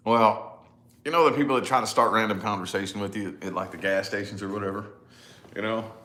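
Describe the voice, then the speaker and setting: Man, thirties, fairly low voice, loose rambling vlog chat to camera, laughs at himself, says "you know?" a lot. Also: steady tone, brisk, bright, forceful tone. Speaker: vlogger, father.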